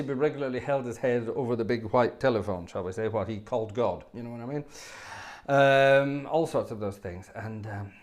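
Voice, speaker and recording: A man hosting a livestream, telling rambling personal anecdotes with plenty of fillers and wry, self-deprecating humour. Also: mid-range voice. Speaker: livestream host and organist. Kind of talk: casual storytelling.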